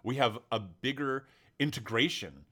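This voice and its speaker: A man co-hosting a podcast, talking in an emphatic and heated way. His voice sits at a middle pitch, and it swings widely up and down as he makes his points in a casual discussion. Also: unhurried, slightly rough. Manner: animated, emphatic, heated storytelling. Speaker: podcast co-host.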